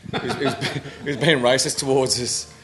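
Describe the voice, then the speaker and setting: A man's voice: mid-range voice, fairly even intonation, moderate pace. A man in his thirties with an Australian accent, a band member rambling through anecdotes in casual chat and swearing freely. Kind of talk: casual storytelling.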